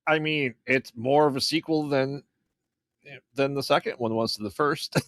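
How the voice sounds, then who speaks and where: A man's voice: medium pitch, moderate pace, fairly bright tone, no echo, clean studio sound. Laughing man trading film jokes. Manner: laughs often, short agreeing replies. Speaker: podcast co-host. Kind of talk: casual film review chat.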